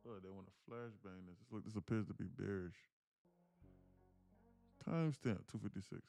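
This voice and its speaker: A man livestreaming his day trading, telling stories in a slangy, animated way at home. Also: fairly low pitch, creaky. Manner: animated storytelling, slangy, calls people bro. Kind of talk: casual livestream chat.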